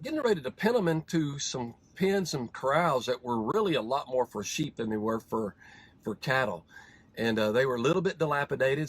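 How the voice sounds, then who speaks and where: A man from the United States, a horse trainer hosting his vlog, telling a story in a folksy, relaxed way from a parked vehicle. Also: on the high side, breathy edge. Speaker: horse trainer and show host.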